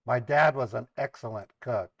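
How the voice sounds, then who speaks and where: A man's voice: medium pitch, normal speed, a bit bright, dry recording. A middle-aged man casually telling family stories on a livestream, rambling, repeating words and laughing at his own jokes. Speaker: live streamer and scambaiter.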